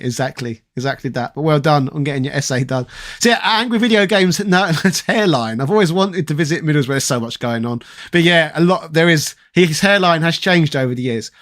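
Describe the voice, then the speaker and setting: A man with a London accent chats to his live-stream audience, reading comments aloud and riffing on them. His voice sits notably high for a man. His delivery is loose and rambling, full of quick asides. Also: a bit bright. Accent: London English. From London, England. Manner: rambling, chatty, reads chat aloud and riffs with quick jokes. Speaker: streamer chatting with live chat. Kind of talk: casual live-stream chat.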